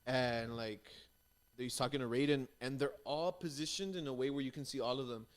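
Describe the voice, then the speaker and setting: A man's voice: mid-range voice, steady tone, normal speed. A man cohosting a podcast, chatting casually about a movie, rambling with lots of restarts and filler words and swearing freely. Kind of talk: casual chat.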